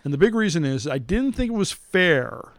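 A man co-hosting a casual chat, his voice a touch high and recorded close and dry with no room sound. He jokes easily and slows right down when he spells out codes. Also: sing-song, a bit bright, no echo. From Chicago area. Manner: joking, reads cache codes slowly. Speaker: podcast co-host.

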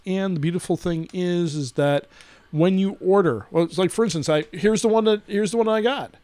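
Joking podcast co-host, higher voice. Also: male voice, a little fast, darkish tone, no room sound. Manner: joking, mock-commercial delivery. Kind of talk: casual chat.

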